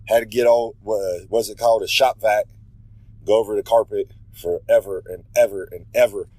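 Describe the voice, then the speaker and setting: This male wrestler cuts a cocky promo in a lowish, darkish voice with fairly even intonation at normal speed, the sound dry, close and rough with no room sound. Brash and swaggering, he rambles, corrects himself and keeps referring to himself in the third person during his regular segment.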